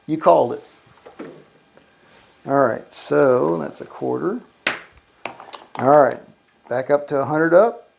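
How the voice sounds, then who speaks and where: A man's voice: mid-range voice, vocal fry, background noise. A man giving casual running commentary while he plays, calling out each dice roll and muttering mild curses. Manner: calls out dice rolls, mutters mild cursing. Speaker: gambling vlogger. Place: casino electronic craps machine.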